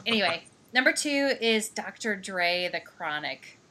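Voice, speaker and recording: A woman's voice: mid-range voice, lively intonation, measured pace, bright, forceful tone. A woman from Missouri in her thirties, co-hosting a podcast in casual chat, giggly and rambling with fillers. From Missouri, USA. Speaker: podcast co-host.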